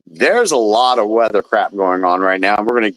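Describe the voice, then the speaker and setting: A man hosts a relaxed political stream, reading headlines and tossing in quick asides. His pitch moves a lot as he talks, and the dry close mic catches no room sound. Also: no room sound. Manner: reads headlines, then adds offhand comments. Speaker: host. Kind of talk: casual political chat.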